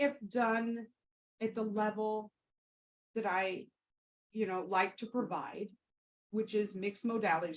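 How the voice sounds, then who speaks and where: A woman Reiki practitioner tells stories and answers listener questions, her voice sitting at a middle pitch. She talks casually and heartfelt, looping back on herself with fillers and restarts as she goes. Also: poor audio. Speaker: Reiki practitioner and podcast host. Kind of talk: casual storytelling and Q&A.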